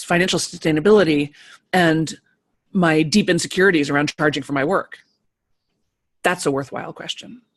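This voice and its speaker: Addressing an online community of creatives live, a woman motivates them with animated, forceful delivery and repeated key lines, her voice on the lower side.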